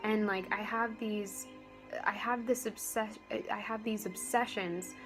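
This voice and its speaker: A young woman talks to her camera in a loose, halting way, circling back and restarting her sentences. She drops in dry sarcastic jokes. She speaks slowly, with faint music playing softly behind her. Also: mid-range voice, steady tone, poor audio. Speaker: vlogger. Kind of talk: casual vlog talk to camera.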